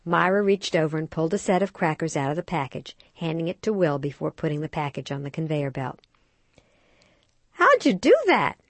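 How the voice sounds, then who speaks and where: A woman co-hosting a parenting show, reading a scripted story with expressive storytelling. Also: sits low, fast, hardly any pauses, no room sound. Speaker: radio show co-host. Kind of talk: scripted narration.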